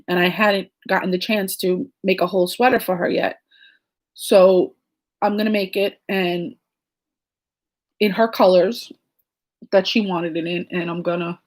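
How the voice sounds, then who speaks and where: A woman in her late thirties telling a story in a casual vlog chat. She talks in a rambling, digressive way with lots of fillers, and her tone is soft and reflective. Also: fairly low pitch. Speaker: crochet and knitting vlogger.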